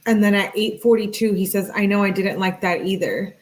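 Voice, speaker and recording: Speaking at a medium pitch over poor-quality audio, this true-crime channel host reads out text messages flatly. She keeps interrupting herself with brief, doubtful remarks.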